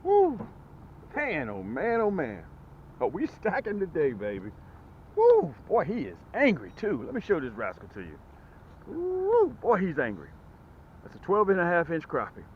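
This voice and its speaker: A man hosting a fishing vlog from his boat, folksy and excitable, with a lively voice that swings up and down. The sound is thin and phone-like, with faint hiss in the background. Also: on the high side, moderate pace. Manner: excitable, whoops when fish bite, folksy talk. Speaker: fishing channel host. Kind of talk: casual on-the-water fishing vlog. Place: outdoors on a boat. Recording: phone-like lo-fi audio with faint noise.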